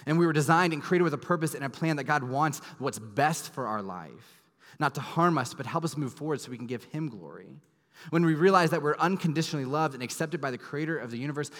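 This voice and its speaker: A man in his thirties, a pastor preaching a sermon, earnest and emphatic, dropping to soft low tones at tender moments. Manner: earnest, emphatic storytelling with sudden soft drops. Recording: long hall reverb.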